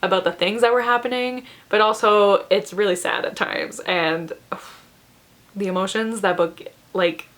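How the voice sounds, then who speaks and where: A woman's voice: mid-range voice, steady tone, moderate pace, a bit bright. Young adult woman, casual book vlogger, effusive, giggly, filler-heavy delivery. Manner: gushing, chatty, laughs often, lots of fillers. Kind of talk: casual chat to camera.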